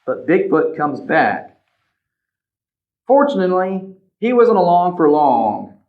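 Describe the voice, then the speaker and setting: A man reading a picture book aloud to children as a librarian, animated, pointing out the pictures and asking questions. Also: sits high, slow. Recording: slightly dull lo-fi recording.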